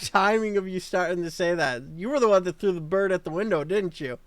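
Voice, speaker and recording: Loud, laughing game streamer. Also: medium pitch, a little fast, few pauses, no echo. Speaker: gaming streamer. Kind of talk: let's play commentary.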